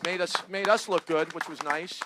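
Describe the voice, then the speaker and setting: A man hosting a comedy show, reading news jokes to his panel in a rambling, halting way and laughing at his own punchlines. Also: on the high side, fairly even intonation, a loud crowd, very noisy. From New Jersey.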